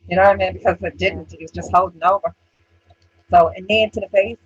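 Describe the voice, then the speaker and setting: An Irish woman co-hosts a loose online chat with a husky, rough voice. She is blunt and curses freely. Her audio is slightly dull. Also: fairly low pitch, fast, no echo. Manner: blunt, profane, animated. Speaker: co-host. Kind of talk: casual chat, storytelling.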